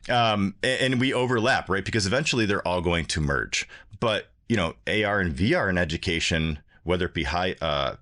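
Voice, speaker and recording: A man's voice: low voice, animated, brisk, hardly any pauses, pushed and bright. A middle-aged man talking casually as a podcast guest, rambling a little with restarts. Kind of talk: casual chat.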